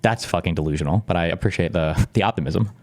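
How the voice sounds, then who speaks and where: A man talks fast and low, reacting on a live stream. His commentary is profane and sarcastic, full of quick asides. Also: a little mellow.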